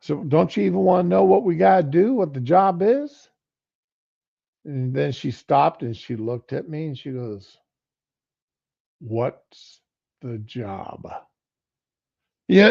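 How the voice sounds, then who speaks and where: A man's voice: fairly high pitch, lively intonation, normal speed, creaky, warm tone, husky. A middle-aged man giving casual political commentary on a livestream, rambling and conversational. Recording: lo-fi stream audio.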